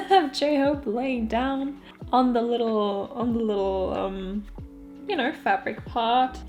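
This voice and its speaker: Chatty young woman with giggly asides. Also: fairly high pitch. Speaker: vlogger. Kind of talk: casual album walkthrough.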